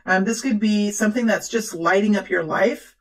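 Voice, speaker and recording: A woman's voice: medium pitch, normal speed, poor audio. A woman giving a casual tarot reading to her viewers, talking in a chatty, rambling way with many fillers and restarts, and speaking encouragingly. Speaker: tarot reader.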